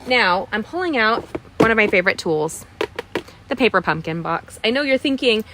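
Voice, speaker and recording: A woman hosts a live online craft tutorial on card-making from a cluttered desk, chatting in a bubbly way, going off into stories, and greeting viewers by name. Her medium-pitched voice is animated and fairly bright at a normal speed, with a little hiss or hum in the audio.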